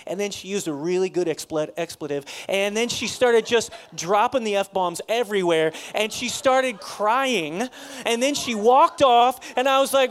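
A man's voice: very high-pitched, moderate pace. A middle-aged man preaching as a pastor, telling a personal story in a conversational, self-deprecating way and laughing often.

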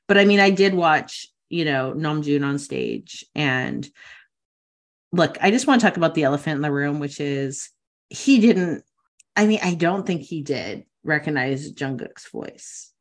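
A woman's voice: low voice, expressive, a little slow. A woman co-hosting a casual podcast chat, talkative and thoughtful, with many "like" fillers. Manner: chatty, frequent filler "like", thoughtful. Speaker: podcast co-host.

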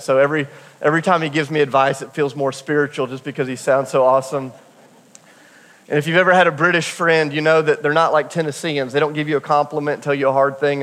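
A man's voice: a little high, a bit bright, in a large hall. A man preaching a sermon as a pastor, telling a personal story in a candid, humorous way. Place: church sanctuary.

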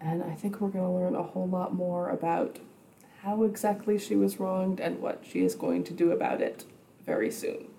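Brief: female player, lowish mellow voice, calm and measured. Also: slight background noise. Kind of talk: casual chat.

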